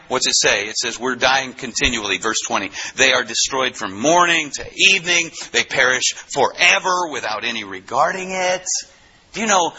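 A man preaching a sermon, teaching from the Bible with animated delivery and acted-out quotes. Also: a little high, lo-fi sound, slight background noise.

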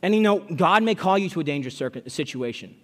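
A man's voice: on the high side, lively intonation, quick pace. Man preaching in a reverberant church. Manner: conversational, repeats words, reads scripture aloud. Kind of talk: expository sermon. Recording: long hall reverb.

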